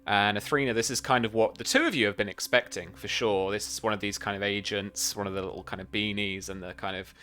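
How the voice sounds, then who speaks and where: A man's voice: lowish voice, fairly even intonation, fast talker, few pauses, bright, forceful tone, soft background music. A man narrating a tabletop game as game master, describing scenes loosely with many fillers.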